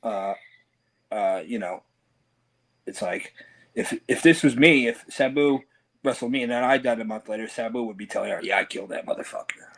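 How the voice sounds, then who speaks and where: A man's voice: medium pitch, moderate pace, vocal fry, long pauses, fairly bright tone. A man, a wrestler, telling loose, profane stories in a casual interview and acting out other people's lines. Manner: loose, profane storytelling with quoted voices. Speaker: professional wrestler, guest.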